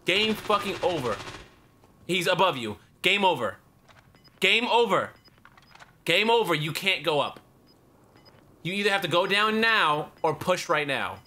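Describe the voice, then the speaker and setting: A young gaming commentator with a high, bright voice that swings widely in pitch. He spectates other players and curses them out as garbage, repeating warnings again and again. His delivery is loose and full of profanity. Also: lively intonation, normal speed, pauses often, a little hiss or hum. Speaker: gaming YouTuber.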